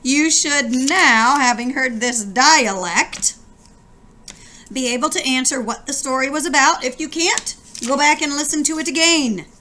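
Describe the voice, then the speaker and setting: Bright-voiced woman teacher. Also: high voice, a little slow, a little hiss or hum. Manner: instructive, posing questions to students. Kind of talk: recorded reading lesson.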